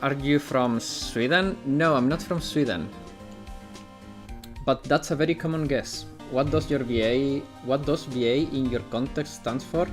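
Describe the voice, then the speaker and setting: Brief: casual male game streamer from Italy, answers chat, stumbles over read-out lines, light music underneath. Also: medium pitch. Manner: chatty, answers chat, stumbles while reading aloud. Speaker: gaming streamer. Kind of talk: casual livestream commentary and reading.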